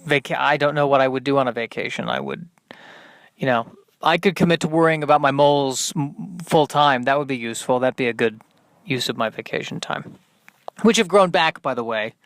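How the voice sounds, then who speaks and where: A man hosting a solo podcast, rambling through deadpan, self-deprecating asides. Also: mid-range voice, a little fast, no echo. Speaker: podcast host. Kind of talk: solo comedic monologue.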